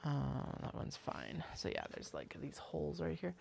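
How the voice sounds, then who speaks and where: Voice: medium pitch, huge pitch swings, measured pace, gravelly, noisy background. A craft maker chatting casually on a livestream, muttering to themself and counting pieces aloud while working.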